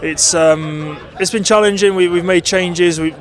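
A man's voice: high-pitched, fairly even intonation, some chatter behind. A man rugby player giving a casual post-match interview. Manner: fast, casual, lots of "like".

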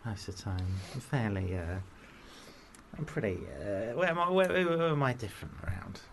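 A man co-hosting a podcast in casual chat, answering in a dry, measured way. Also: lowish voice, lively intonation, creaky, a little hiss or hum. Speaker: podcast co-host.

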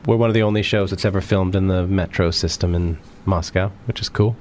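An easygoing man from the United States, joking his way through a radio interview. His voice sits on the lower side, with faint hiss behind it in the studio. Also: fairly even intonation, a little fast, a little mellow. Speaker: actor guest.

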